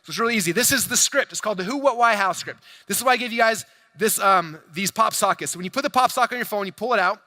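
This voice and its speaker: Speaking in a high, energetic voice, a man delivers a rapid sales pitch from a stage to a big audience. Though he's in a large hall, his sound stays dry and close. He plays with the crowd and addresses them directly.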